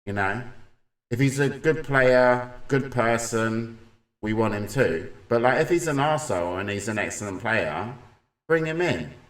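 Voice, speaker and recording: A man's voice: mid-range voice, lively intonation, a little slow, fairly bright tone, roomy sound. A man chatting casually in reaction to a clip, agreeing and mocking pundits. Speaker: reaction video host.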